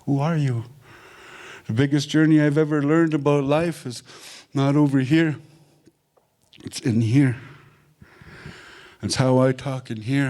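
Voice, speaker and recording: A man's voice: medium pitch, darkish tone. A man from Manitoba, giving an earnest, plain-spoken personal talk that often repeats its phrases. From Manitoba, Canada. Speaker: invited speaker.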